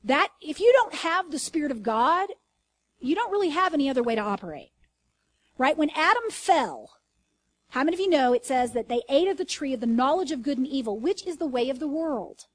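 A woman teaching a sermon in an earnest, conversational way, asking her listeners questions and reading scripture slowly with emphasis. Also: high voice, sing-song, no echo. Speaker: Bible teacher.

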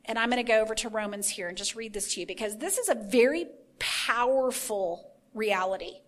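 A woman with a somewhat high voice gives an informal sermon as a podcast host. She talks earnestly, builds emphasis through repeated phrases and thinks aloud as she goes. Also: brisk, a bit bright. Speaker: podcast host teaching the Bible.

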